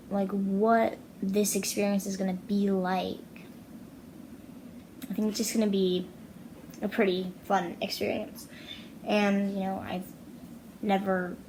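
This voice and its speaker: A woman's voice: medium pitch, a little mellow, a little hiss or hum, low-quality recording. Chatty young woman vlogging at home. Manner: chatty, rambling with many fillers. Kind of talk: casual vlog chat. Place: house, indoors.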